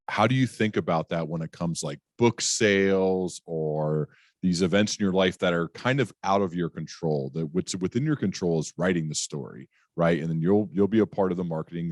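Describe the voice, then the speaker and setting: A man's voice: deep voice, moderate pace, no room sound, studio quality. A man hosting a podcast interview, asking long, searching questions with many fillers. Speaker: podcast host.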